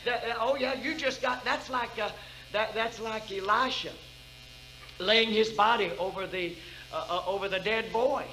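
An older woman delivers a fervent revival sermon. She fires questions at the congregation and moves between ringing exhortation and low, hushed intensity. The sound carries a faint hiss of background noise. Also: a little slow, rough recording. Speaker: preacher. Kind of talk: fervent preaching. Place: church revival meeting.

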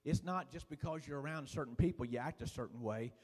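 A man preaching a sermon in a folksy, fervent way, dotting his lines with "uh" and dropping suddenly to a hush. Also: medium pitch, brisk, breathy edge. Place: church sanctuary. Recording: long reverb of a church hall.

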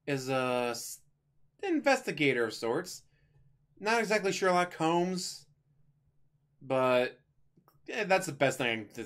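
A man talks through a movie review in a loose, rambling way, cracking small jokes as he goes. His voice sits at an ordinary middle pitch. He sounds like a casual reviewer chatting to his viewers. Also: fairly bright tone.

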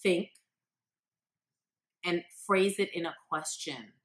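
Talking at a slow pace in a voice on the low side, a woman parenting coach speaks straight to the camera. She offers parents earnest encouragement and acts out the quotes she uses.

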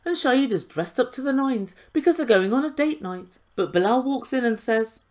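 A woman's voice: fairly high pitch, expressive, moderate pace, darkish tone. A woman giving an indignant, sarcastic recap and review of a reality TV show, swearing now and then.

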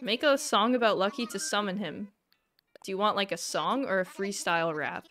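A young woman live streaming a video game, chatting with her viewers and breaking into excited squeals and shouts. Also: mid-range voice, normal speed, soft background music. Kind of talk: casual gaming livestream chat.

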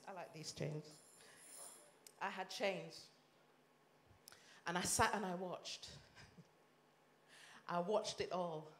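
Impassioned Yorkshire woman preaching in echoey hall. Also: mid-range voice. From Leeds, England. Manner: impassioned, rises and drops sharply in volume. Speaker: minister. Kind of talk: sermon testimony. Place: church or conference hall.

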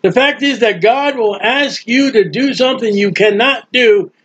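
A man preaching a sermon in a folksy, emphatic way, drawling key words slowly and acting out the people he quotes. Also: very high voice, a bit bright, breathy edge. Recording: dull lo-fi sound.

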